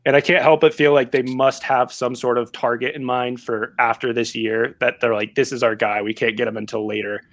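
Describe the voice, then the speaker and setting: A man co-hosting a casual football podcast, talking in a hesitant, reasoning way with many pauses and restarts. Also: medium pitch, little pitch movement, fairly bright tone, dry recording. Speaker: podcast co-host. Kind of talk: casual chat.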